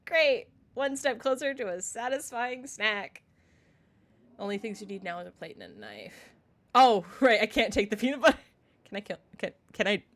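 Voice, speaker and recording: Giggly woman streamer, reads game narration then riffs on it, lively pitch. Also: normal speed. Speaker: let's-play streamer. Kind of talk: casual game playthrough, reading game text aloud.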